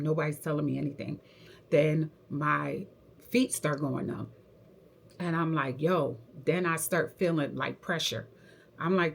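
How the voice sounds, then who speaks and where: A young adult woman, a hair stylist, casually telling a personal story to camera in a slangy, animated way and acting out what people said. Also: low voice, creaky.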